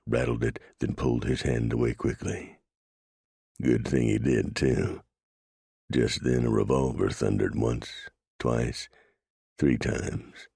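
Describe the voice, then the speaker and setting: A man narrates a western audiobook with a steady, measured delivery. His voice is extremely deep and gravelly, with a husky, dry close sound. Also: dry recording. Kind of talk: scripted narration.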